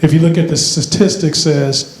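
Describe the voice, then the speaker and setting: High-voiced animated male speaker. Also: normal speed. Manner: animated, playful, quizzes the crowd. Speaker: motivational youth speaker. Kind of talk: motivational school assembly speech. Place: large school hall with student audience. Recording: echoey hall with background noise.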